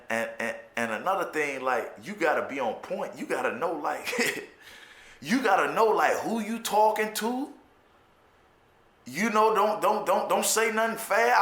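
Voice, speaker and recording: A man with a Chicago accent recounts his own story in a lively, swooping voice that sits a little high for a man. His tone is bright and forceful, full of cursing and stammered repeats. The recording carries a roomy echo. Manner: profane, stammers and repeats words, animated. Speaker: formerly incarcerated storyteller. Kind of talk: candid personal storytelling monologue.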